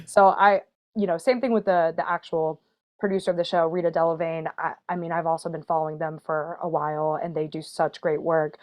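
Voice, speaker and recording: A woman's voice: deep voice, fairly even intonation, a little fast, a little mellow. A woman guest on a podcast, telling stories in a casual, chatty way and laughing often. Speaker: podcast guest, burlesque and drag performer. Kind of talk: casual storytelling chat.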